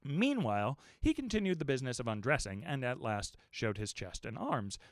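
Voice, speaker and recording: A man reading a classic novel aloud as an expressive, animated audiobook narrator. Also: medium pitch, normal speed, no echo, studio quality.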